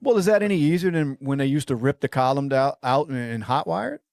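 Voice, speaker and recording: A man co-hosting a casual podcast chat, rambling and swearing, his voice often trailing off quietly at the ends of phrases. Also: medium pitch, animated, fast talker, creaky, no echo, studio quality. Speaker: podcast co-host.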